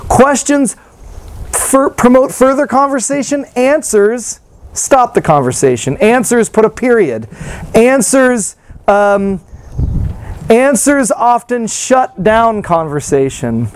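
A man's voice: very high voice, expressive, slow, a little hiss or hum. A man preaching a sermon in a casual, conversational way, full of rhetorical questions and fillers. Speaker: pastor.

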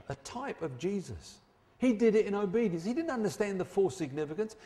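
Preacher guy, kinda high voice, big echoey hall, leans hard on the key words. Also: darkish tone. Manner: emphatic, slows and drops low on key phrases. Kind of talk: sermon.

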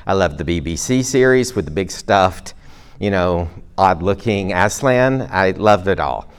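Lowish-voiced male preacher, chatty. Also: lively intonation, unhurried, clear, resonant tone. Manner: conversational, self-deprecating asides and jokes; speaks to a live congregation. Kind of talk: sermon.

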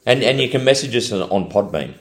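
A man's voice: medium pitch, animated, fast. A man co-hosting a police podcast, chatting casually and rambling through restarts and fillers. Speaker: podcast co-host.

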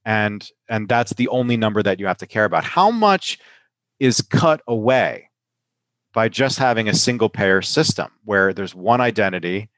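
A man's voice: fairly low pitch, a bit bright, no echo. A man hosting a casual podcast chat, run down with a sinus infection, talking loosely, often asking "right?" and laughing. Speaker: podcast host and pharmacist.

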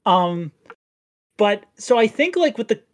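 A podcast co-host chatting casually, full of quick asides. The voice swings widely in pitch. It is recorded dry and close, with no room sound. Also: sing-song, no echo. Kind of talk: casual chat.

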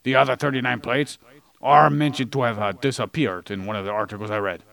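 A man's voice: medium pitch, steady tone, a little fast, vocal fry, a bit bright, no room sound. A man co-hosting a podcast in casual chat, explaining history with goofy jokes along the way. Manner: jokey, goofy asides. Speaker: podcast co-host. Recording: poor audio quality.

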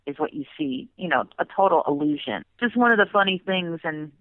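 Woman, former park performer, animated storyteller, lowish voice, dry tinny phone line. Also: fairly quick, dry recording. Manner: animated, with bursts of laughter. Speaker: former theme park performer, interview guest. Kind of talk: casual storytelling.

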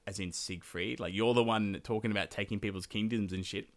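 A man's voice: lowish voice, fairly even intonation, fairly quick. A man hosting a podcast, retelling a medieval epic in a casual, profane, slangy way with laughing asides. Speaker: podcast host.

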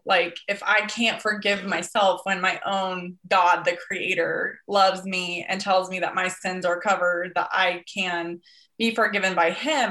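A woman's voice: lowish voice, sharp tone, low-quality recording. A woman who is a mother, speaking in a heartfelt way with many fillers during a casual faith chat.

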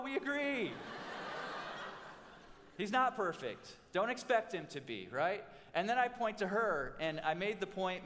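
Animated pastor preaching in a reverberant hall. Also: male voice, fairly high pitch. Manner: animated storytelling with humor and restarts. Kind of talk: sermon.

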